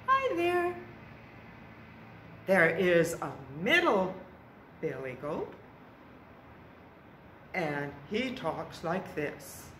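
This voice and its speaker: A woman presenting a library storytime, telling a folk tale to young children in a slow, expressive way. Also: lowish voice. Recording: roomy echo with faint background noise.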